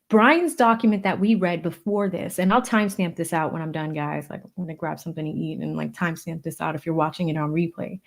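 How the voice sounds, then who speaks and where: Brief: woman streamer from the Boston area, casual and gushing, rattles off shout-outs and thank-yous. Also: lowish voice. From Boston area, USA. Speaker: livestream host of a legal commentary channel. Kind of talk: casual livestream chat, reading viewer donations.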